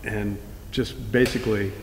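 A man's voice: on the low side, steady tone, unhurried, crowd noise. A man recalling an old friend in an amused, anecdotal storytelling manner. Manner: amused, laughs while telling. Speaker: interviewee sharing memories. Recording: echoey hall with long reverb.

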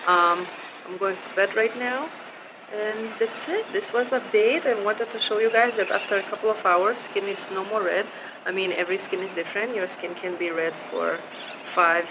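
A woman skincare vlogger giving a casual, relaxed update to camera before bed. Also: medium pitch, background noise.

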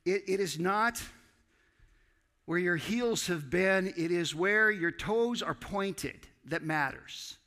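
Pastor guy preaching, kinda high bright voice, gets loud acting stuff out, big echoey church hall. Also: slow. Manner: animated preacher, acting out dialogue with loud rising outbursts. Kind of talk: sermon. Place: church sanctuary. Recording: church hall with long reverb.

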